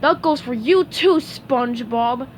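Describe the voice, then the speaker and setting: Woman doing a whiny cranky squid guy yelling at the neighbors. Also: high-pitched, measured pace, slight background noise. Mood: grouchy. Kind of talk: storybook reading.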